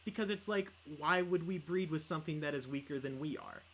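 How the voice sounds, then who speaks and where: A man's voice: fairly high pitch, a little fast, a bit bright, slight background noise, poor audio. A young man chatting casually on a livestreamed podcast, rambling with lots of filler words. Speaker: podcast co-host and player.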